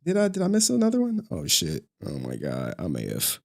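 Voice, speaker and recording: A man's voice: low voice, wildly swooping pitch, brisk, creaky, darkish tone. A young man ranting on a livestream, profane and mocking, often breaking into laughter. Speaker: streamer. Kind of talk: livestream rant.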